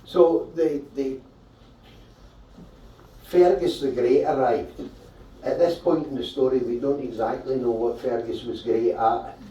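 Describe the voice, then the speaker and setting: A man's voice: medium pitch, fairly even intonation, a little slow, pauses often, dark tone, lo-fi sound. A man doing stand-up comic storytelling at a live show, chatty and irreverent, with swearing and frequent checks of "right?". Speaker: stand-up comedian. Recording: roomy, distant mic at a live show.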